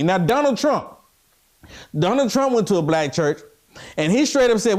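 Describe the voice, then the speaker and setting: A man co-hosting a political talk show in casual discussion, animated and preachy as he calls out to listeners. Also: sits high, normal speed, a little hiss or hum.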